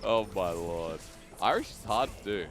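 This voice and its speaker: An Australian man chats casually in a caster booth, drifting into jokey tangents. His pitch swings widely as he talks, and faint music plays underneath. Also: animated, normal speed, a bit bright. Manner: chatty, laughs often, jokey tangents. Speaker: esports caster. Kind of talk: casual banter between casters.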